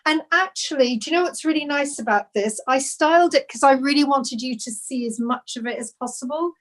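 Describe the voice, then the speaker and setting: A woman with a high, bright voice talks on a video call. She gushes with enthusiasm and rambles, restarting her sentences as she goes. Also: a little fast. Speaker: knitwear designer. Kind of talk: casual live video chat.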